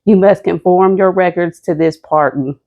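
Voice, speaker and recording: A woman co-hosting a vlog, chatting and reading a letter aloud in a careful, deliberate way. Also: lowish voice, gravelly, lo-fi sound. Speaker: co-host, partner of the host.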